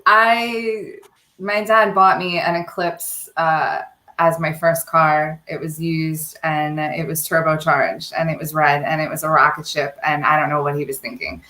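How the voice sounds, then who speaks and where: A woman's voice: deep voice, fairly even intonation, measured pace, pushed and bright. A woman who is a guest on a podcast, talking in an open, chatty way and laughing easily. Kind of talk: casual interview chat. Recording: roomy echo.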